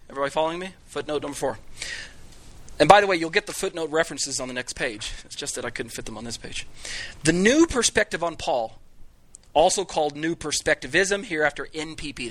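Bright-voiced man teaching a Bible class. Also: fairly high pitch. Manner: conversational, jokey, with many restarts. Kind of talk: classroom lecture. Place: room with a live class.

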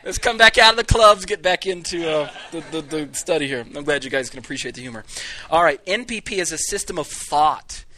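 Male Bible teacher, lecturing a live class, conversational and jokey, bright tone. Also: fairly high pitch, expressive, fairly quick. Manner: conversational, jokey, with many restarts.

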